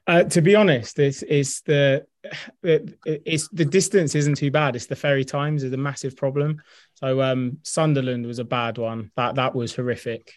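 A man's voice: mid-range voice, fairly even intonation, normal speed, no echo. Man telling a story in a dry room. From England. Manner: hesitant starts, then flowing anecdote. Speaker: guest fan. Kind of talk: casual chat, storytelling.

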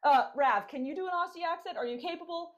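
A woman co-hosting a casual podcast, talking in an animated, teasing way and laughing easily. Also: very high-pitched, fast, crowd noise. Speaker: podcast co-host.

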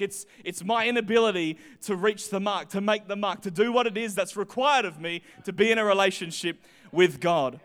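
A man in his twenties preaching a sermon, animated, swinging between quiet stretches and loud emphasis. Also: high-pitched. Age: 20s.

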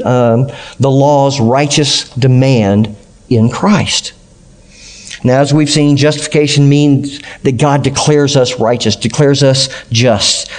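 Male pastor, sermon delivery, earnest and deliberate, leans on key words, church setting. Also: a little high. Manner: earnest preaching with slow, emphatic stresses. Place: church sanctuary.

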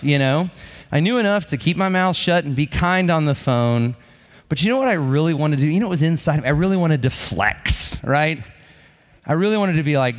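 A man delivers a sermon in a lively, animated voice, his pitch rising and falling freely. His tone is conversational, and he keeps checking in with his listeners with a quick "right?" His voice sits a little high for a man, with a faint lilt. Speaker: pastor.

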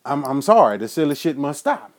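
A man, hosting a show, ranting in a loud, profane way, laughing now and then. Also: on the high side, sing-song, fairly quick. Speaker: podcast host. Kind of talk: profane political rant.

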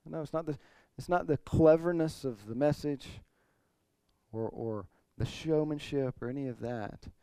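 A male pastor with a fairly high, warm voice preaches an expository sermon a little slowly, with no room sound. He's earnest, building with rising emphasis to emphatic points and clearing his throat now and then.

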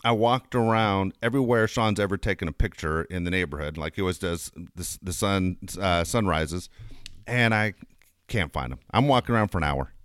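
A man's voice: deep voice, moderate pace, fairly bright tone, clean tone, no echo, studio quality. A man hosting a casual talk show, telling a rambling story earnestly and laughing often. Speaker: podcast host.

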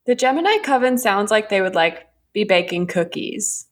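A woman's voice: medium pitch, big pitch swings, moderate pace, slight background noise. A woman co-hosting a podcast, casual chat in short, giggly reactions. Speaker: podcast co-host.

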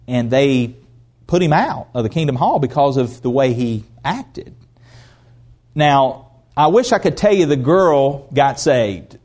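A man preaching a sermon in a folksy, animated storytelling manner. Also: mid-range voice.

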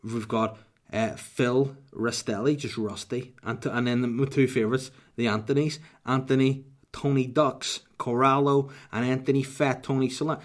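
A man chatting on his podcast in a loose, rambling way, swearing often and cracking jokes as he goes. His voice sits at an everyday middle pitch. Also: fairly even intonation, moderate pace. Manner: profane, joking, slips into impressions. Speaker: podcast host. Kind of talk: casual rambling chat.

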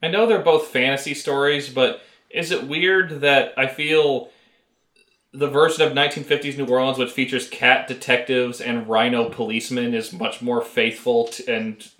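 A man's voice: mid-range voice, fairly even intonation, moderate pace, fairly bright tone, reverberant. A man co-hosting a podcast, chatting casually with wry, sarcastic remarks. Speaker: podcast co-host. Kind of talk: casual chat.

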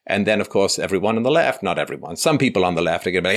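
A man in casual political discussion who argues in an animated way and tells anecdotes. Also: fairly low pitch, racing, hardly any pauses. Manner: animated, argumentative storyteller.

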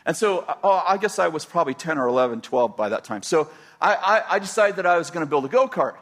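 A man's voice: on the high side, animated, quick pace, fairly bright tone. An older man from California telling a personal story in a rambling way, with many restarts and chuckles. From California, USA.

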